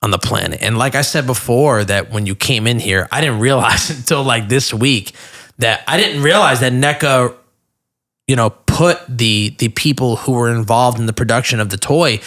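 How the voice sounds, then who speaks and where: A man's voice: mid-range voice, moderate pace, a bit bright. A man hosting a podcast, asking long, rambling questions and reacting with eager enthusiasm. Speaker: podcast host. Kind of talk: casual podcast interview.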